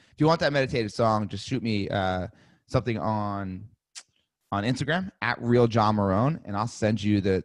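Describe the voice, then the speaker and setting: A man coaching real estate agents in a live webinar, energetic and demonstrative, often acting out sales calls. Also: on the low side, no echo, studio quality.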